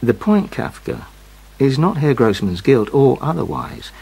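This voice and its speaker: An actor playing a cold, evasive male official who questions a suspect in clipped, unhurried lines in a radio drama. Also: mid-range voice, big pitch swings, vocal fry, a little mellow, husky, full character voice. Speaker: official investigating a crime.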